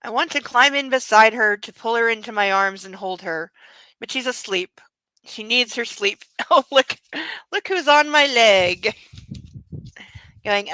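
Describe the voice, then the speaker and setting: A woman hosts a comic book club at home, reading a novel aloud and cutting in with sarcastic, giggly remarks. Her voice is bright and sits slightly high. The sound is dry and close-miked. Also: unhurried, dry recording, low-quality recording. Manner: sarcastic, giggly, breaks into baby talk. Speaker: host of a book club show.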